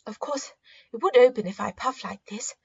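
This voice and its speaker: Eager, bashful young girl voiced by a woman, husky, dry and muffled audiobook. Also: a little high, normal speed, no room sound, pitched above the performer's own voice, exaggerated voice. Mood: flustered. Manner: eager, breathless and protesting. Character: vain young girl, proud, easily flustered.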